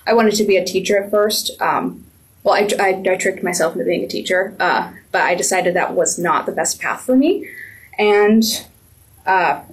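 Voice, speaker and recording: A young adult woman, a media program intern, giving a casual spoken reflection with many pauses and ums. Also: medium pitch, rough recording. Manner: hesitant, with many ums and restarts.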